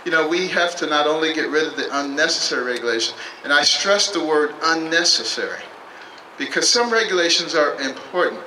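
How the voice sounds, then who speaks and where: Measured male speaker at a rally. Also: fairly high pitch, expressive, bright, forceful tone. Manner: measured, emphatic, speaks in short phrases. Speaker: political candidate. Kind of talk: campaign speech. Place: public rally at a state capitol. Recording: echoey, distant mic, noisy.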